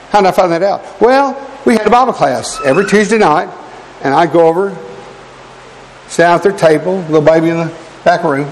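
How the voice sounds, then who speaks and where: A male preacher with a high-pitched voice delivers an earnest, exhorting sermon, weaving in personal stories and calling out to the brethren. His voice rings with a long reverb, as in a church hall. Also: a little fast, creaky, darkish tone, a little hiss or hum.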